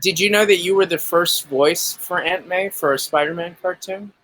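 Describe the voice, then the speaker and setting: A man's voice: high voice, moderate pace, a bit bright, poor audio. A man hosting an interview, asking questions like an eager fan and rambling encouragingly. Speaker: host.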